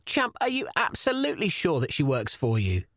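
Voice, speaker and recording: A man's voice: fairly high pitch, wildly swooping pitch, a little fast, fairly bright tone, dry recording, studio quality. A man hosting a scripted comedy podcast and playing the patient, exasperated straight man. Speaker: podcast host.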